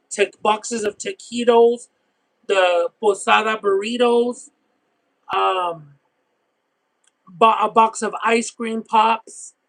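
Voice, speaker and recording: Young male vlogger, high voice with gravel, candid and emotional, swears freely. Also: fairly bright tone, low-quality recording. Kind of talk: casual storytelling on a food stream.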